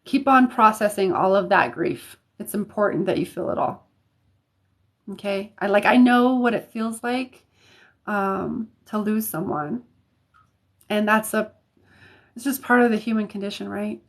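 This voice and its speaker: An American woman chatting on a livestream as a psychic reader, talking casually with many fillers and restarts. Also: mid-range voice.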